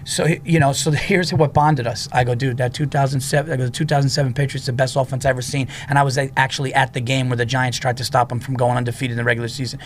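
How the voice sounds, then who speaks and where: Animated male comedian telling stories. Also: medium pitch, quick pace, hardly any pauses, slight background noise. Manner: animated storyteller who acts out quotes. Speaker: comedian guest. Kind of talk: casual storytelling.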